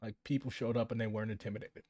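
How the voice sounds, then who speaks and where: A man's voice: lowish voice, fairly even intonation, rapid-fire, warm tone, no echo, studio quality. A man giving casual live commentary on a news story, sardonic and swearing freely as he reads statements aloud.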